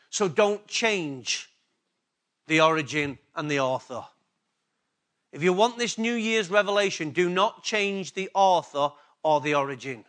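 A man with an English accent, a pastor, preaches in a high and slightly bright voice. Key words get repeated for emphasis, and he questions the congregation directly.

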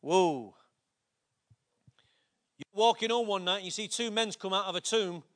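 A man, preaching a sermon with animated storytelling that builds to shouts. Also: high voice, measured pace.

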